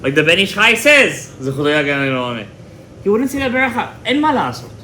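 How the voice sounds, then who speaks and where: A man teaching a Torah class to a live audience in an animated, emphatic way, mixing in many Hebrew terms. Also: fairly high pitch, a little fast, a little hiss or hum. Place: indoor room with a live audience. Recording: echoey room with faint ambience.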